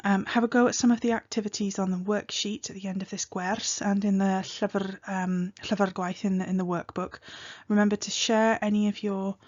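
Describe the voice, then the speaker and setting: A woman teaching a language lesson, patiently explaining and modeling phrases slowly and clearly. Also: mid-range voice, little pitch movement, a little mellow, lo-fi sound. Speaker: Welsh teacher.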